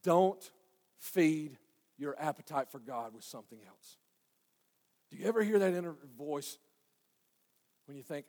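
A man preaching a sermon, folksy and conversational, swinging from hushed asides to loud, fervent passages. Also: on the high side, animated, a little slow, long pauses, long reverb tail. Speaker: pastor.

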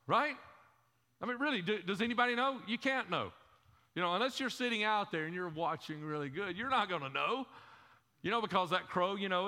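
A man's voice: fairly high pitch, sharp tone. A male pastor preaching a sermon in a church, conversational, throwing rhetorical questions at the congregation and repeating words as he goes. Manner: frequent word repeats and fillers. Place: church sanctuary. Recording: long hall reverb in a church.

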